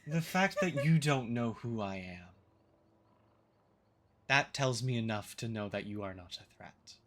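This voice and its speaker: A man voicing an ancient, mouthless vine spirit in a tabletop game, speaking slowly and with cool menace. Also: medium pitch, expressive, fairly bright tone, slight background noise. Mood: menacing. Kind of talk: tabletop game role-play.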